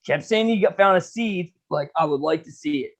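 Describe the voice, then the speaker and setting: A man's voice: a little high, brisk. A young man and podcast host telling a long story in a laid-back, profane way, full of "dude" and "you know". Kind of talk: casual storytelling chat.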